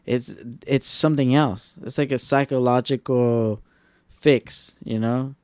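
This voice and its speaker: A man's voice: mid-range voice, measured pace, no echo, clean studio sound. Laid-back man in casual chat. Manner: relaxed, jokey, uses "like" and "dude".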